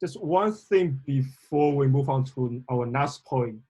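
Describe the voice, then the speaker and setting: A man hosting a casual discussion, speaking in a measured, reflective way. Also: mid-range voice, mellow, husky. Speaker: host.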